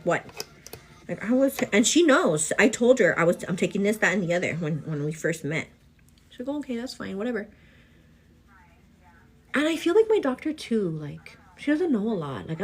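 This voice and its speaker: A pregnant young woman chatting casually to her viewers while getting ready at home, animated and full of fillers. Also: medium pitch, breathy edge. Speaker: vlogger. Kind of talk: casual get-ready-with-me chat.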